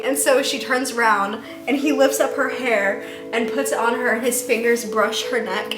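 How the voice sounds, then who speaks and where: A woman giving a casual, rambling book review rant, excitedly retelling scenes with lots of "like". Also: a little high, normal speed, over music. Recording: echoey room.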